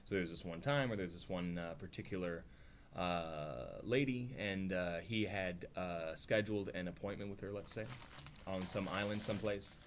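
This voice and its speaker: Male study-class teacher, lowish voice, chatty, animated quotes, faint noise underneath. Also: normal speed. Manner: conversational, acts out quotes with rising voice, frequent "right?". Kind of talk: informal religious teaching.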